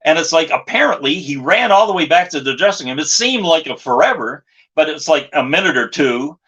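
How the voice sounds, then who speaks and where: A man, a former wrestling manager, telling a lively backstage story in an interview and often saying "you know". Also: on the high side, brisk, breathy edge, dull audio.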